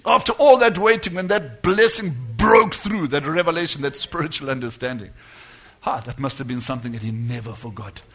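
Bright-voiced emphatic male preacher. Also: on the high side, a little fast, slightly rough. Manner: emphatic, rising to loud declarations and dropping to quiet asides. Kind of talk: sermon.

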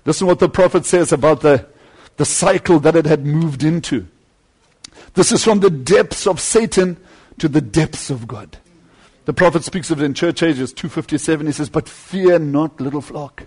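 A man preaching a sermon with fervent delivery, swinging between loud climbs and quieter asides. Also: fairly high pitch, normal speed, breathy edge.

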